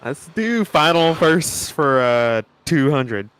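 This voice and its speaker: A man playing along as a contestant in a casual online trivia game, excitable and laughing often. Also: on the high side, takes it slowly, smooth, no echo.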